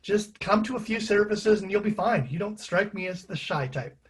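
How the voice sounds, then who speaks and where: A man voicing a calm, patient woman rabbi who reassures with dry understatement in a one-man stage reading. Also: high voice, moderate pace, breathy edge. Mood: reassuring.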